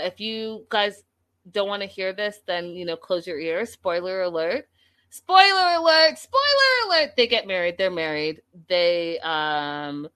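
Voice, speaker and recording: A chatty woman hosting a livestream, retelling a reality show in a casual, opinionated way. Her voice sits a little low for a woman. She talks straight to her viewers as if they were friends. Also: a bit bright, smooth. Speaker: reality TV recap livestream host. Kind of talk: casual livestream recap chat.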